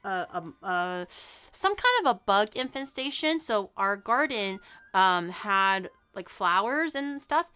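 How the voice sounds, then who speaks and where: A woman's voice: medium pitch, pushed and bright, smooth. A woman streaming as a VTuber, chatting casually with her viewers in a giggly, rambling way full of restarts. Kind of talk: casual live-stream chat.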